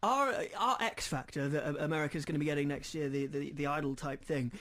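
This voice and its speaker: A man's voice: a little high, a little fast, a bit bright. An upbeat man with a British accent hosting a radio interview and cheering his guest on. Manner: upbeat, encouraging. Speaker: radio presenter.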